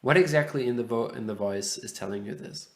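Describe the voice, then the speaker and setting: A man's voice: mid-range voice, a little fast. A man giving a university lecture, hesitant and full of fillers, posing questions to the class. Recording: roomy echo.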